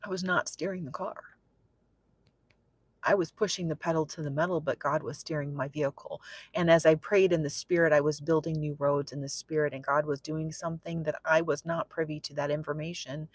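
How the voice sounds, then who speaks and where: A woman with a lowish voice preaches through a personal testimony in a chatty, storytelling way. She drifts from quiet, musing asides to loud, excited bursts and repeats key phrases for emphasis. The sound is close and dry, with no room around it. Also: fairly quick, slightly rough, dry recording. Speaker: prophetic minister.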